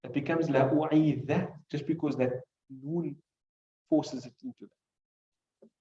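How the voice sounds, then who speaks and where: A man's voice: a little high, steady tone, normal speed, dark tone, a little hiss or hum. Man teaching hadith, echoey room. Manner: explains word by word, asks rhetorical questions; recites classical Arabic phrases between English. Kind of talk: classroom lesson. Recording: muffled recording in echoey room.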